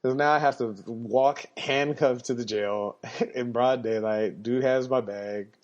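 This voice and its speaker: A man's voice: medium pitch, fairly even intonation, measured pace, dull audio. A man telling a story in a laid-back way on a podcast, laughing now and then. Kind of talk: casual storytelling.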